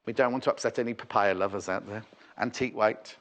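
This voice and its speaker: A man's voice: fairly low pitch, quick pace. A British man presenting on a shopping channel, chatting and rambling enthusiastically as he sells fabric live on TV. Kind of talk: live TV selling chat.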